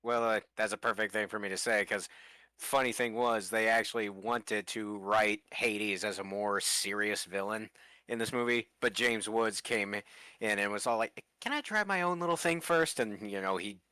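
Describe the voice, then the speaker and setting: Man, casual group chat, lowish voice, bright tone, laughs a lot, playful impressions. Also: little pitch movement, normal speed, clear, resonant tone, no echo. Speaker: stream co-host.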